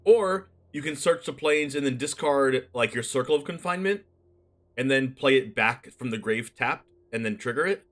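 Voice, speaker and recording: A man streaming casually as he builds a card-game deck, reading card text aloud and thinking out loud in a chatty way. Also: mid-range voice, lively intonation, normal speed. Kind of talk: casual live-stream commentary.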